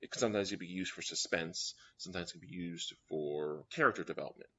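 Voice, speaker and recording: A man with a lowish, bright voice lectures a young writers' class, walking through each point and checking in with "all right?" after each one. The recording sounds dull and lo-fi. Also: fast. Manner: explains step by step, often checking in with "all right?". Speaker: writing workshop teacher.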